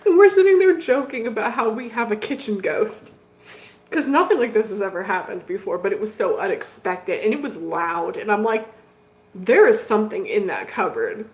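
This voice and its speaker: A woman's voice: medium pitch, a little fast. A middle-aged woman, host of a hobby channel, chatting casually with viewers as she tells a story, laughing often. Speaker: betta fish channel host. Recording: echoey room.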